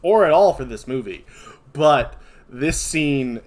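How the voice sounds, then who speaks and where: A man with a Kentucky accent talks through a movie's plot on a casual podcast. He rambles, stops to fix himself, and keeps going with plenty of ums. His voice sits at an ordinary middle pitch. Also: animated, takes it slowly. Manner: rambling, loose recap full of fillers and self-corrections. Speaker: podcast co-host recapping a film. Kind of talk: casual chat.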